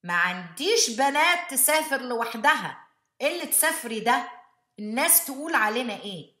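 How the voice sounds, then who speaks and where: A woman voicing her anxious, traditional mother, speaking fast and high in an echoey room. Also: big pitch swings, pushed and bright. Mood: scolding. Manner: rapid, high and pleading. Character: worried, anxious traditional mother praying aloud.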